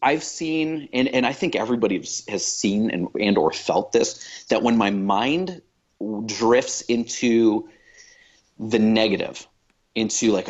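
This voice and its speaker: A man's voice: fairly low pitch, slow pace, lo-fi sound. A man talking as a podcast guest, thoughtful and reflective, with many fillers and restarts. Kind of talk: reflective conversation.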